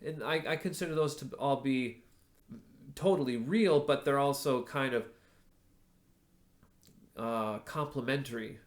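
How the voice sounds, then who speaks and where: In a spoken voice lesson, a male teacher stuffed up from allergies explains technique and breaks off to sing demonstrations. His mid-range voice moves at a measured pace with frequent pauses.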